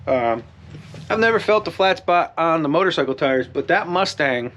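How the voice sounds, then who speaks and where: A man's voice: fairly high pitch, lively intonation, normal speed, a bit bright, lo-fi sound. Rambling, winded DIY guy. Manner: rambling, lots of fillers and restarts. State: out of breath. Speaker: DIY channel host. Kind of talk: casual how-to talk to camera.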